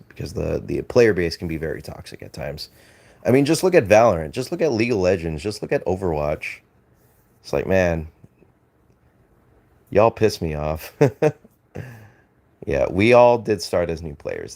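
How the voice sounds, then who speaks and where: A man's voice: deep voice, very animated, normal speed, vocal fry, long pauses, a little mellow. An Australian man streaming, chatting casually with viewers in a rambling, hesitant way full of fillers and restarts, swearing and laughing easily. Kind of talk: casual live-stream chat, reading and answering chat.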